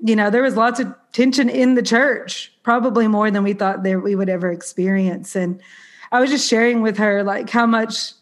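A woman's voice: medium pitch, fairly even intonation, moderate pace. A woman with a Southern US accent hosting a podcast, sounding a little nasal and congested, chatty and bubbly with a self-deprecating streak. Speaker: podcast host. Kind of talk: casual podcast chat.

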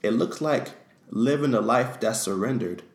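A man's voice: medium pitch, moderate pace. A man co-hosting a faith discussion, talking in an earnest, teaching way. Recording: echoey room.

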